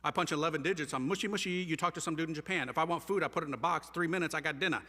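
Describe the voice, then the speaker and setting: Man with a fairly high voice, passionate testimony speaker, slangy and animated, reverberant hall. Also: very fast. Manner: animated, slangy storytelling with wide swings of loudness. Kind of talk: impassioned testimony talk to a live audience.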